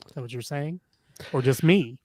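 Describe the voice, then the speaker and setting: A man co-hosting a podcast, chiming in with quick wisecracks. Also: mid-range voice, dark tone, dry recording, clean studio sound. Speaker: podcast co-host. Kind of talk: casual chat.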